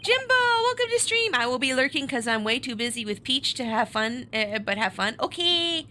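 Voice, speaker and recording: A woman's voice: fairly high pitch, sing-song, normal speed, pushed and bright, a little hiss or hum. A woman streamer chatting casually and giggling while she plays through a story game and talks to her viewers. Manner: giggly, chatty, reacts to chat. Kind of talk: casual chat while reading a game aloud. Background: game music.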